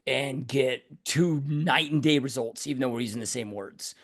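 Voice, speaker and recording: A man's voice: medium pitch, normal speed, fairly bright tone. A man hosting a podcast conversation over an online call, talking casually and saying "dude" and "you know" a lot. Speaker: podcast host. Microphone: online call mic.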